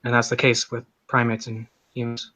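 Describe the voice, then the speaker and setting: A man in a debate, explaining technical points in a steady, explanatory way. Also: medium pitch, normal speed, dry recording. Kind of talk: debate argument.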